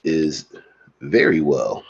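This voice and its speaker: A man joining a casual chat over a video call, laid-back and hesitant with drawn-out pauses. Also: very deep voice, expressive, gravelly, muffled recording. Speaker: guest. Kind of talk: casual online panel chat.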